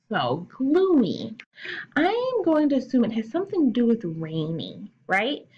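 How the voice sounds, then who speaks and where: A woman's voice: medium pitch, lo-fi sound. A young adult woman teacher giving a recorded lesson to children, explaining patiently and step by step.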